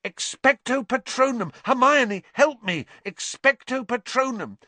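A man voicing a desperate teenage boy wizard, shouting urgently as he fights dark creatures. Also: high voice, sing-song, unhurried, dry recording, voice pushed up, heavily acted. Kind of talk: audiobook character voice.

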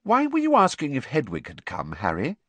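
Brief: bright bossy teen girl, played by a male reader, reasonable, high pitched, dry sound. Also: wildly swooping pitch, no room sound, exaggerated voice. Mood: earnest. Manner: reasonable, brisk. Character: clever bossy teenage girl, sensible.

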